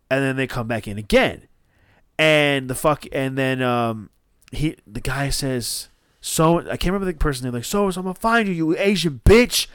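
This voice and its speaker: A man's voice: mid-range voice, a bit bright, smooth, dry recording, studio quality. A man, co-hosting a podcast and telling a rambling, profane story full of restarts. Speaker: podcast co-host.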